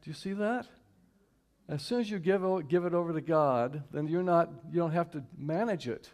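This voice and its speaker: A man from Houston speaking to a church congregation in a conversational sermon, repeating key lines slowly and inviting the audience to join in. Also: on the high side, a little mellow. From Houston, Texas. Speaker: guest speaker and singer at a church service. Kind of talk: inspirational sermon talk. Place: church sanctuary, live stream.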